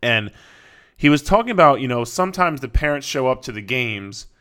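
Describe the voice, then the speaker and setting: A young man hosts a fitness podcast in a loose, rambling monologue. He swears freely and restarts his sentences often, padding them with fillers. His voice sounds bright and forward. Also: medium pitch, lively intonation, moderate pace. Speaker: fitness coach and podcast host.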